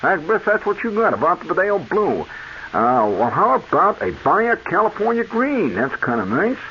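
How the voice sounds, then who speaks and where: A man voicing a smooth-talking male paint shop salesman with eager, flattering sales patter, on a muffled old radio broadcast. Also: sits high, normal speed, slight background noise, pitched above the performer's own voice.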